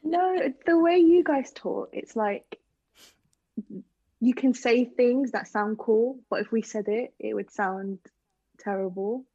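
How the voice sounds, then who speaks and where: A British woman from London, a podcast guest, telling stories in casual chat with quick giggles. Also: a little high, warm tone, breathy edge, no room sound, highs cut off.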